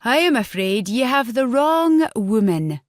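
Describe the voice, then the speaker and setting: A woman voicing a stern Scottish clan war chief, speaking gruffly and stiffly in a Scottish accent. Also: a little high, sing-song, unhurried, no room sound, clean studio sound, voice pushed up. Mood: disgusted.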